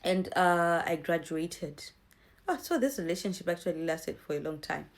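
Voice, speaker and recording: A woman's voice: fairly low pitch, moderate pace. A woman in her twenties, from Zimbabwe, chatting to her viewers in a storytime vlog and acting out what people said. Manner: chatty, addresses viewers as guys, acts out quotes. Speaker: vlogger.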